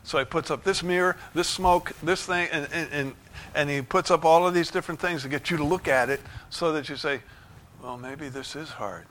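Male pastor, fervent sermon delivery, bright forward tone, dynamic swings from hush to shouts. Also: moderate pace. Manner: fervent, rising to shouts of joy then dropping low. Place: church sanctuary.

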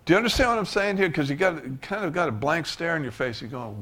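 A male pastor delivers a sermon in a voice pitched a little high. He preaches emphatically, leaping to loud peaks and dropping to soft asides. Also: animated, fast, slightly rough.

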